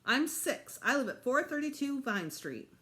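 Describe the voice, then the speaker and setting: A woman's voice: very animated, measured pace, sharp tone, heavily acted. A woman voicing a whiny six-year-old boy in a children's storybook reading. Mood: proud. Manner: whiny, high and squeaky.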